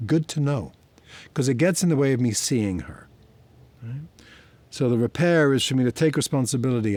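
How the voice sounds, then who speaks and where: Man calmly teaching parenting lessons. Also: mid-range voice, normal speed, dry recording. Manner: reflective, conversational, tells personal stories. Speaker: therapy teacher. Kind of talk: explanatory talk to camera.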